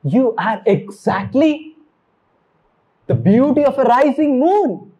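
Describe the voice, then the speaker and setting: An eager young lover repeats his praise in a rush, as a preacher voices him. His pitch rises above the speaker's usual talk, and he keeps insisting. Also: big pitch swings, slow, mellow, muffled recording, exaggerated voice. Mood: pleading. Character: young male lover, pleading and admiring.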